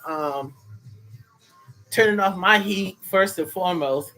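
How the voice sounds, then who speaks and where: A man streams from his bed into a phone, rambling and cursing in annoyance while calling his viewers sweetheart. His voice sits a little high for a man. Faint music plays somewhere else in the house. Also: sharp tone, rough recording. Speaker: live streamer chatting with viewers. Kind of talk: casual rambling live stream. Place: in bed at home under a cover. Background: faint music from another room.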